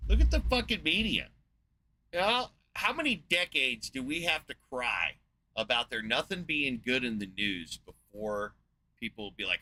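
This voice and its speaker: A man in his forties from the United States, giving a profane, sarcastic and exasperated rant as a video host, rambling with filler pauses. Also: mid-range voice, big pitch swings, sharp tone, rough recording. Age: 40s. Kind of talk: ranting monologue.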